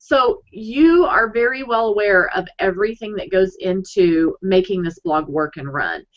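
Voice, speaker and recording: A woman's voice: medium pitch, normal speed. Chatty woman on lo-fi video call. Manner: upbeat and chatty, restarts often. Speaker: co-host of a blogging webinar. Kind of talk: casual live webinar chat. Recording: dull lo-fi video call audio.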